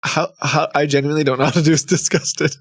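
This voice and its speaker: A man's voice: on the high side, fairly even intonation, fast talker, no room sound, studio quality. A man live-streaming, chatting casually to his viewers, rambling and cutting himself off, often laughing at himself.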